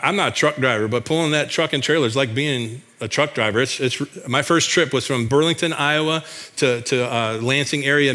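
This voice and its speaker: A man's voice: mid-range voice, a bit bright. A man from Michigan, a missionary, telling a church congregation about his work in an enthusiastic, folksy way, often restarting his sentences. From Michigan, USA.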